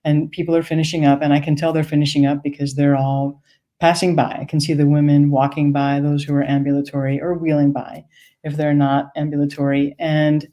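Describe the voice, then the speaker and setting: Low-voiced woman telling a story. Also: level tone, fairly quick, warm tone. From United States, Maine. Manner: conversational, wry, vivid. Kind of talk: personal storytelling performance.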